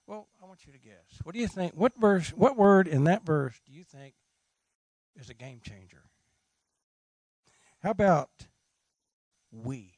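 A middle-aged man preaching with humor and passion, his voice strikingly high with a gravelly, fry-laden edge. The sound is close and dry, with little room around it. He asks his listeners questions as he goes. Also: a little mellow, no room sound. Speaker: pastor. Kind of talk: sermon.

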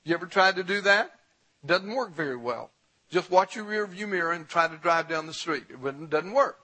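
Husky high-voiced preacher man. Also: lively intonation, moderate pace, poor audio. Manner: rising to a shout when urging the congregation. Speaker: pastor. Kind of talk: sermon.

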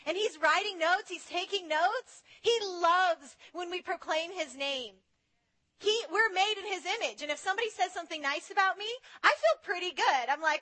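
A woman delivers a sermon with a very high, bright voice. She is animated and slips into little voices for the people she quotes. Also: normal speed. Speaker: preacher.

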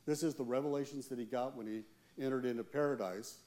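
A man, a church elder, preaching a sermon with earnest, slow, emphatic pauses. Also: mid-range voice, darkish tone.

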